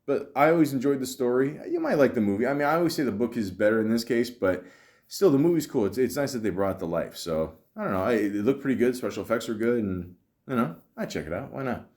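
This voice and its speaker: A man's voice: mid-range voice, animated, fast, darkish tone. A man hosting a podcast, chatting casually about films in a rambling way with lots of fillers and the odd swear word. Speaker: podcast host. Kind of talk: casual film-talk podcast chat.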